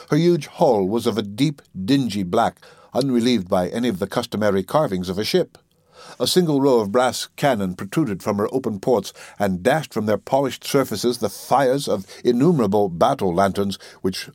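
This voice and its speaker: A man narrating a classic literary story in a measured, solemn storytelling manner. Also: lowish voice, darkish tone, dry recording, studio quality. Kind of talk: audiobook reading of classic literature.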